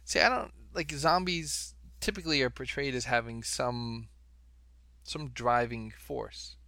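Gravelly, bright-voiced podcast host. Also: male voice, medium pitch, a little slow, dry recording. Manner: questioning, restarts words. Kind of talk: casual chat.

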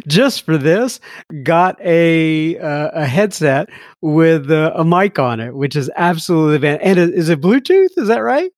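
A man's voice: fairly high pitch, unhurried, no echo, clean studio sound. A man hosting a podcast, chatting casually with a guest and explaining things for listeners. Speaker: podcast host. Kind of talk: casual interview chat.

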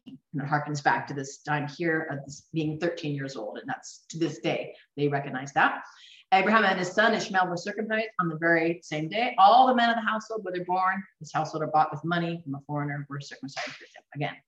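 A woman's voice: lowish voice, lo-fi sound. Woman, Bible study teacher, enthusiastic, laughing, echoey room, distant mic. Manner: animated, enthusiastic, laughs often.

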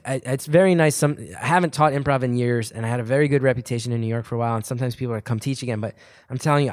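A man's voice: medium pitch, no echo. An earnest man, his voice cracking slightly, reads his own writing before an audience at a book event. Off the page he rambles and restarts, but the sound stays close and dry. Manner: earnest, rambling, with restarts when speaking off the cuff. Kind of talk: reading aloud from his book, then audience Q&A.

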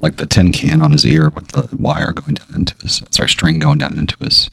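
Male player, very deep gravelly voice, halting deadpan improv, dry sound. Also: no room sound. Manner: hesitant, deadpan, many ums and uhs. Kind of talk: improvised comedic role-play.

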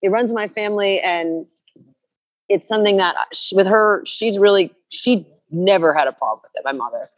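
A woman's voice: medium pitch, normal speed, poor audio. A woman from New Jersey, a musician guest, talking earnestly in an interview with many fillers and restarts. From New Jersey, USA. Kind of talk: candid interview conversation.

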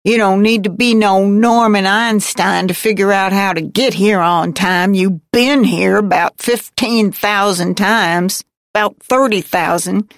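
A woman's voice: medium pitch, measured pace, hardly any pauses, no echo, clean studio sound, natural voice. A woman reading a book aloud, voicing a grumpy, bossy middle-aged man who chides and talks slangy and defiant. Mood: scolding.

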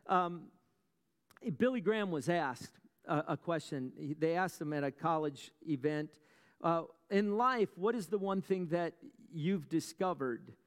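Preacher with wry asides in a reverberant hall. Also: male voice, high-pitched. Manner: storytelling with dramatic pauses and rhetorical questions. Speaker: pastor. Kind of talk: sermon.

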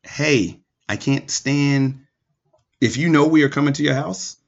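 A man in his forties chatting casually as co-host, telling animated stories and acting out other people's voices, laughing often. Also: medium pitch, measured pace, creaky. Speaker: podcast co-host. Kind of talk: casual chat. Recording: slightly dull lo-fi sound.

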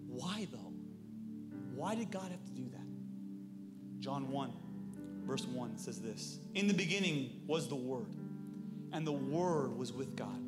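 A man preaching a sermon, animated, swinging from loud emphasis to soft asides, with jokes for the congregation. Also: mid-range voice. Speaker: pastor.

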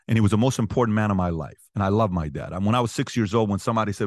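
A man in his forties, an interview guest telling personal stories with animated energy, his voice rising sharply when he relives arguments. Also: lowish voice, racing, dry recording, studio quality. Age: 40s. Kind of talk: storytelling in conversation.

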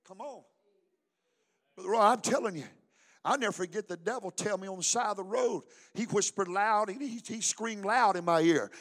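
A pastor preaching a fiery sermon in a very high, strained voice. He swings from loud calls to the congregation into hushed retelling, and he addresses listeners by name along the way. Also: normal speed. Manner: alternates shouted exhortation with low storytelling. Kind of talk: fiery preaching at a church service.

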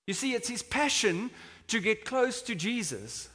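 A pastor preaches conversationally in a church hall, his very high voice sing-song, unhurried and edged with breath. He acts out quotes by shouting them, and the hall adds a long reverb.

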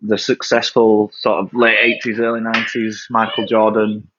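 A man's voice: fairly low pitch, completely flat delivery, normal speed, a bit bright, a little hiss or hum. A man chatting as a podcast guest, rambling and laughing easily as he tells stories. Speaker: podcast guest, former cricketer. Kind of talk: casual chat. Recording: dull lo-fi call audio.

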